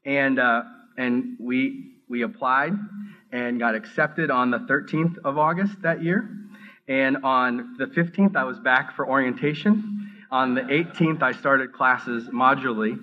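A middle-aged man gives a heartfelt personal testimony in an earnest, halting way, stumbling over words and circling back as he speaks. His voice sits at an ordinary pitch, and the recording sounds a little dull and muffled. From Minneapolis area. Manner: earnest, halting, with many restarts and rising excitement. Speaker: seminary student giving testimony.

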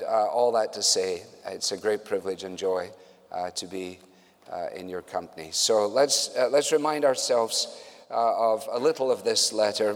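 A man preaching at a conference, talking in a conversational way with dry, wry humor. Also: fairly low pitch. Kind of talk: conference sermon. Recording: long reverb in a large hall.

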